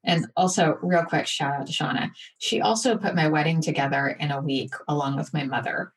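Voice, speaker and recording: A woman's voice: low voice, a little fast, far from the mic, a little hiss or hum. Woman telling a candid personal story. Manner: candid, animated retelling with acted-out inner voices. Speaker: guest. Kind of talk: personal storytelling in a podcast interview.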